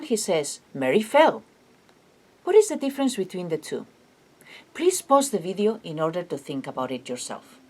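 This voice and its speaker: A middle-aged woman giving a recorded online lecture, explaining clearly and stressing words to show emphasis. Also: mid-range voice. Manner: clear explanatory delivery with lively emphatic intonation.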